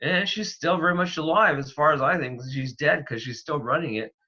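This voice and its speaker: Male guest from Canada, loose and chatty, bright, lo-fi remote audio. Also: a little high, a little fast. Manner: rambling, animated storytelling with many fillers. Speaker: paranormal investigator guest. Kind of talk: casual interview talk.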